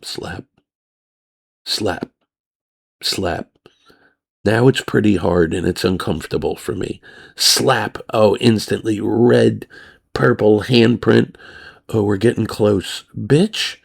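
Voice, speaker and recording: A man's voice: fairly low pitch, unhurried, vocal fry, slightly rough. A man hosting a podcast, telling a crude story in a rambling, blunt way and acting out both sides of it. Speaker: podcast host.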